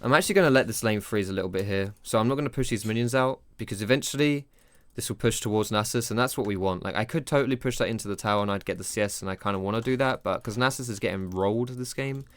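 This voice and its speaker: A man's voice: on the low side, quick pace. A young man commentating his own gameplay live, self-critical and rambling, with casual slang and swearing. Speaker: gaming streamer.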